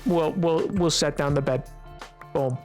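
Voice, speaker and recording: A man's voice: a little high, darkish tone, faint music behind. A young adult man streaming a game, chatting casually with viewers in a rambling, playful way full of fillers. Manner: rambling, playful, quick to laugh, filler-heavy. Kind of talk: casual live-stream chat.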